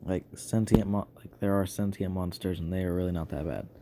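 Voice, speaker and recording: A man's voice: sits low, fairly even intonation, mellow, a little hiss or hum. A man voicing a laid-back young male slime hero who is cheeky and defiant, talking casually with lots of fillers. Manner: casual, halting, full of fillers.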